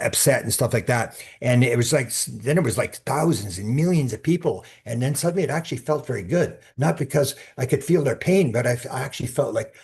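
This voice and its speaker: A man's voice: medium pitch, breathy edge. A man talking as a podcast guest in a casual, storytelling way, often restarting and repeating words as he goes. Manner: acts out quoted speech in his stories.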